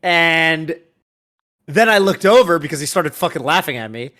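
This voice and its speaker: A man's voice: fairly high pitch, animated, normal speed, sharp tone. A man co-hosting a podcast, telling rambling, self-mocking stories in casual chat. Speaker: podcast co-host.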